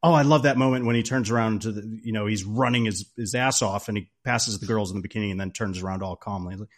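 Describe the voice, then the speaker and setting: A man's voice: fairly low pitch, fast. Enthusiastic man on a film podcast. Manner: enthusiastic, playful. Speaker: podcast co-host. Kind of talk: casual podcast film discussion.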